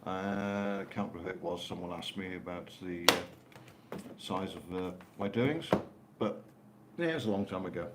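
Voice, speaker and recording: Low-voiced older man, dry banter. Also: moderate pace, few pauses. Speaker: co-host of live stream. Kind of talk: casual live stream chat. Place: home in Spain. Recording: roomy with faint noise.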